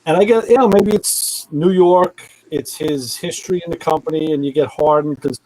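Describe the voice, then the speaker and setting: A man hosting a live show, chatting casually and asking animated questions. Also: a little high, moderate pace, rough recording. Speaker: host.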